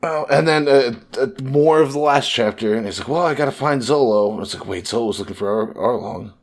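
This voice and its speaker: A man co-hosting a casual podcast, retelling story scenes and quickly paraphrasing the characters' lines. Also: medium pitch. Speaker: podcast co-host.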